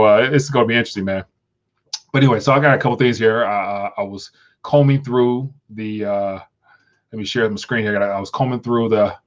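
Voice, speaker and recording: Rambling man on a lo-fi livestream. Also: mid-range voice. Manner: rambling, many restarts and stumbles. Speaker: livestream host. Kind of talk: casual livestream commentary.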